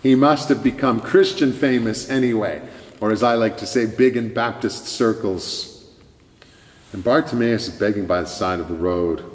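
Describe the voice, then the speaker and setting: A male pastor preaching a sermon in a church sanctuary, measured and emphatic, with dramatic pauses. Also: medium pitch, a little mellow, reverberant, in a large hall.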